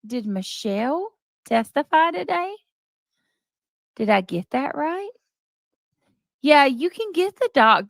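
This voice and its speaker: A woman's voice: a little high, gravelly, fairly bright tone, dry recording. A woman chatting casually on a live stream, greeting viewers by name.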